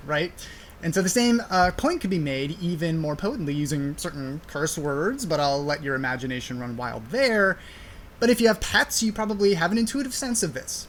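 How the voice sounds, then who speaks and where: A man's voice: on the high side, fairly bright tone, slight background noise. A young man hosting a podcast, explaining a study in a casual, conversational way with frequent fillers. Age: young adult. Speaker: podcast host.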